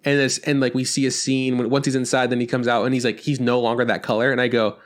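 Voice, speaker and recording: A man's voice: medium pitch, flat delivery, fast talker. A man co-hosting a podcast, talking in a casual, rambling way with many restarts. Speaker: podcast co-host. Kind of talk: casual chat.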